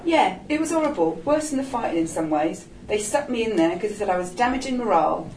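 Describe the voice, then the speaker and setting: A woman's voice: medium pitch, lively intonation, quick pace, a little mellow, slight background noise, voice pushed up, close to an everyday voice. A woman doing a cheeky man, streetwise. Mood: rueful. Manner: cheeky, coaxing, slangy. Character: streetwise older gay man, wry and bossy. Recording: roomy echo, distant mic.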